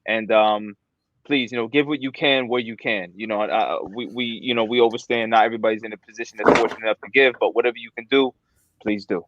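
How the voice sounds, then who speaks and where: A man's voice: on the low side, steady tone, fast talker, dull audio, heavy background noise. A man co-hosting a podcast, earnestly urging listeners to donate to relief efforts. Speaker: podcast co-host. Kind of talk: casual podcast chat.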